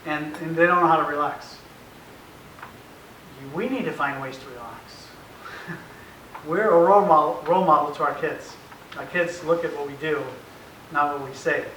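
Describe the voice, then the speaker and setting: A man's voice: a little high, moderate pace, long pauses, a bit bright. A middle-aged man giving an informal, anecdotal presentation to parents, acting out family conversations and chuckling often. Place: meeting room with an audience. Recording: roomy echoey room, faint hiss, mic far off.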